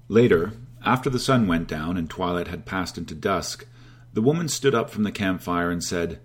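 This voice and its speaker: Deep husky male storyteller. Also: animated, normal speed. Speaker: narrator. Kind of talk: storytelling narration.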